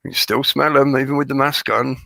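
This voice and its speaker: A man hosting a live stream, his voice hoarse and crackly as he chats and jokes with viewers by name. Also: mid-range voice, steady tone, a little fast, sharp tone, dry recording. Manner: chatty, joking, greets viewers by name. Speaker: livestream host. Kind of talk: rambling live-stream chat.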